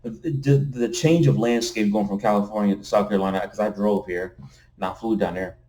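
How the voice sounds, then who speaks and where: A man's voice: lowish voice, fairly even intonation, normal speed, warm tone. A man vlogging casually to a camera indoors, rambling and repeating himself, often tossing in "you know what I'm saying". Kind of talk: casual rambling vlog talk. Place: indoors at night next to window blinds. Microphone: camera facing him.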